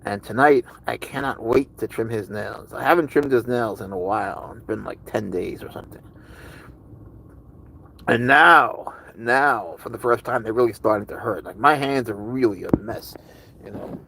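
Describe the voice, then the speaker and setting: Gravelly man chatting on a livestream. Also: medium pitch, normal speed, pushed and bright, a little hiss or hum, poor audio. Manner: rambling, chatty, answers viewer chat. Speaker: livestream host with pet cat. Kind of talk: casual livestream chat.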